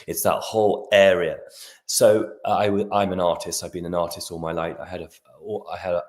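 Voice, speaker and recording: A middle-aged man, a guest astrologer on a video-call interview, talking in an expansive, animated way with frequent restarts. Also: low voice. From Britain. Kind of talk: podcast interview.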